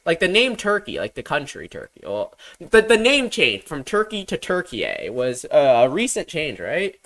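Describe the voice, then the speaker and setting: A man's voice: on the high side, wildly swooping pitch, moderate pace, a bit bright. A man who is not a native English speaker, streaming a game and rambling profanely in casual commentary.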